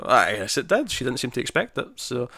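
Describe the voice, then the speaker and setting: A man's voice: medium pitch, huge pitch swings, a little fast, vocal fry, sharp tone, dry recording. A man co-hosting a podcast in casual chat, chatty and laughing often, acting out quotes as he talks. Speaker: podcast co-host.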